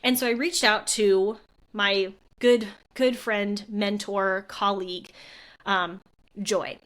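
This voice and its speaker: A woman's voice: mid-range voice, fairly even intonation, takes it slowly, a bit bright. Casting note: young adult woman, physical therapist host, earnest and heartfelt, casual solo podcast delivery, mid-range voice. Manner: earnest, heartfelt, conversational with frequent fillers. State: tearful at moments.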